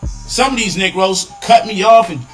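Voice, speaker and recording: A man's voice: high voice, normal speed, soft background music, poor audio. A man giving emphatic, lecturing commentary on a live online show.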